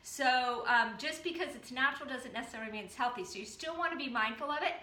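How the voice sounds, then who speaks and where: A woman from the Boston area hosting a casual cooking demo and giving relaxed healthy-eating advice with frequent ums. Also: sits high, fast, roomy sound. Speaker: health program host.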